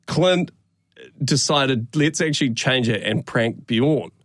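A man's voice: mid-range voice, slow pace, no room sound. A man hosting radio, telling a story in a casual chat and acting out the voices of the people in it, speaking into a studio mic. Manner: animated, acts out quoted voices. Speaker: radio host. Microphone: studio microphone.

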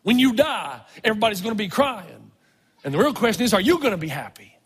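A man voicing a solemn, booming older male preacher with a slow, grave delivery. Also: very animated, slightly rough, heavily acted. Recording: long reverb of a large hall.

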